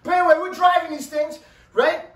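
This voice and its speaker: Animated man telling a story, roomy and distant. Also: very high voice, fairly quick. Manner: animated, loud bursts, keeps asking "right?". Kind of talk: casual storytelling.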